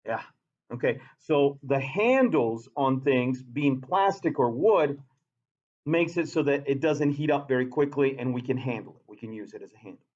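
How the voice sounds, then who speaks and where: Animated male science teacher lecturing. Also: medium pitch, normal speed, dull audio. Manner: animated, repeats key points, quizzes students. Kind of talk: classroom lecture. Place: classroom.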